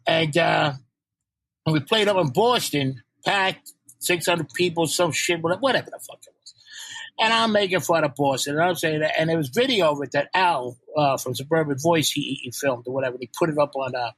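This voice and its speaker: An older man from New York tells stories in a loose, joking podcast chat, cursing as he goes. His voice sits high and comes out husky. The sound is dry and close. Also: a little fast, no room sound, poor audio. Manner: animated, ball-busting, swears freely. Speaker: guest, punk band frontman.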